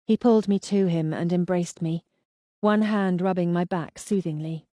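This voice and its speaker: A woman reads a first-person mystery novel aloud with even, expressive delivery. Her voice sits fairly low with a mellow, warm tone, recorded close and dry. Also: normal speed, no echo. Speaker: audiobook narrator.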